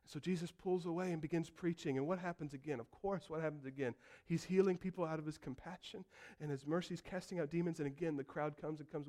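A man preaching a sermon, telling the story vividly and acting out voices, building from quiet to loud calls. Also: a little high. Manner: storytelling preacher, acts out quotes and builds to shouts. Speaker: pastor.

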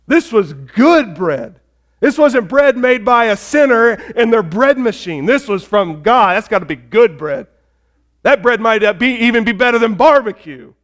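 A man preaching a sermon in a notably high voice, lively and expressive. He asks the congregation questions and acts out the voices in the story. He swings from loud emphatic lines down to soft, hushed ones. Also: a little slow. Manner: animated, acts out quoted voices, shifts between loud emphasis and quiet. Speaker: pastor.

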